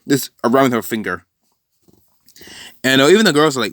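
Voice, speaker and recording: A man spins a fan-fiction story off the cuff, circling back to fix details and filling gaps with "uh" and "like." He flicks briefly into character quotes before dropping back into plain narration. His voice sits at a middling pitch and sounds dry and close, with no room sound. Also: sing-song, normal speed, fairly bright tone, dry recording. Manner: rambling, self-correcting, with frequent fillers. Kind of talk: casual improvised story narration.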